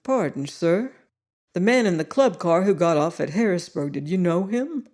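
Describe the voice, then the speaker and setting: A woman's voice: on the low side, expressive, normal speed, darkish tone, lightly acted. A woman voicing a worried, polite male train porter in an audiobook reading.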